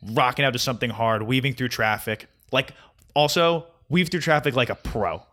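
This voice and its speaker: A young man tells commuting stories in a loose, profane podcast chat. His voice is bright and sharp, and he laughs his way through the telling. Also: mid-range voice, normal speed. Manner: profane, laughing, animated storytelling. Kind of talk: casual podcast storytelling.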